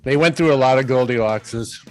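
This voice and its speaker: A man's voice: mid-range voice, normal speed, faint music behind. A man co-hosting, chatting and riffing playfully over gameplay. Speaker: co-host. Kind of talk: casual chat over gameplay.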